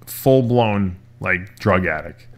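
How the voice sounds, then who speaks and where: A man with a lower-pitched voice hosts a casual talk, retelling a long story. He rambles, restarts himself and slips into quoted lines from the people in it. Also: lively intonation, slow pace. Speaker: podcast host.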